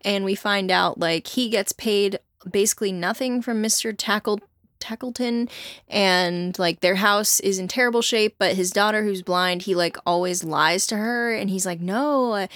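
A woman at middle pitch in relaxed conversation, recounting a story with plenty of laughter and quoted lines. The sound is dry and close. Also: moderate pace, no room sound. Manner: chatty, laughs often, quotes characters. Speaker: podcast co-host. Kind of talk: casual chat retelling a book's plot.

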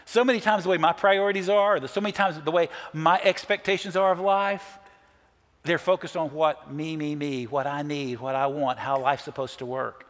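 Earnest middle-aged pastor in a reverberant church. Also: male voice, fairly high pitch, steady tone, moderate pace, a bit bright. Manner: earnest storytelling with quoted voices. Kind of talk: sermon.

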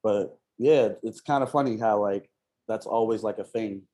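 A man's voice: on the low side, normal speed, dark tone. A man chatting casually as a podcast guest, laid-back and slangy, often laughing. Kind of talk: casual chat.

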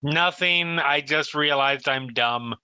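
A man playing a tabletop game, animated and swearing often. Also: a little high, takes it slowly, smooth, highs cut off. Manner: animated, cursing. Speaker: player.

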